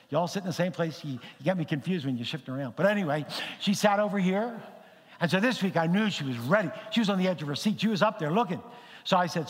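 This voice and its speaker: A man preaching to his congregation, telling stories and acting out conversations with lively energy. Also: on the high side, big-room sound. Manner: animated storyteller, acts out dialogue. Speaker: pastor. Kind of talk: sermon with storytelling. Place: congregation hall.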